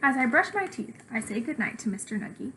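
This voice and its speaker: Teacher lady reading a kids chapter book out loud, expressive, higher voice. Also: fairly quick, a little hiss or hum, poor audio. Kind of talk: reading a children's book aloud.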